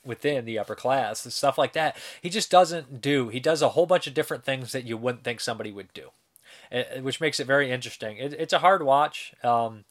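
A man talks through a film review in a loose, unscripted way, circling back on his points and stacking up fillers and restarts. His voice sits at an ordinary middle pitch. He breaks into laughter often as he gets excited. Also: brisk. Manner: rambling, enthusiastic, laughs often, many fillers. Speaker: film reviewer, show host. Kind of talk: casual spoken film review.

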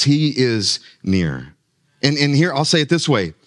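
A man preaching a sermon to his congregation, his pitch sitting in an ordinary middle range. He often stumbles over and repeats words as he builds emphasis, then climbs higher as he presses a point. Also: sing-song, unhurried, fairly bright tone. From United States. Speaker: pastor.

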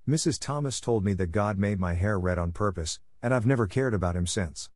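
A man's voice: on the low side, brisk, darkish tone, dry recording, studio quality, lightly acted. A man reading the lines of a chatty, imaginative young orphan girl in an eager way. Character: talkative imaginative orphan girl, eleven, red-haired.

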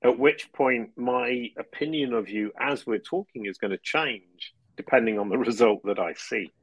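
A man's voice: medium pitch, normal speed, breathy edge, dry recording, rough recording. A man as a podcast guest, chatting casually and explaining at length, laughing often and restarting phrases. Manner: explanatory, talks in long runs. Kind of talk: casual interview chat.

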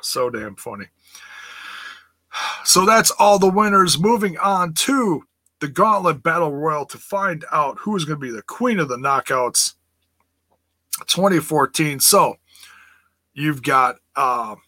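A man talks through a wrestling recap in a casual, rambling way, breaking into laughter and reading viewer comments aloud. His voice is bright and forward. He speaks slowly, with plenty of restarts, and the sound is dry and close. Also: a little high, dry recording. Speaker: wrestling review host.

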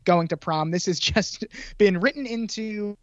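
A man's voice: high voice, measured pace, no echo. A man in a mid register offers wry, casual commentary on a film and chuckles now and then. His voice comes through a dull, lo-fi mic with a dry, close sound. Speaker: podcast co-host. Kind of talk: casual chat.

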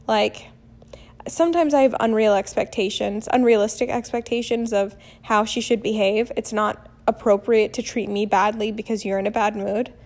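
A woman in her thirties telling a story casually as a vlogger, animated and blunt, acting out what people said. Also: mid-range voice, moderate pace. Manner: animated, acts out quotes, blunt with mild swearing. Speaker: vlogger and mother.

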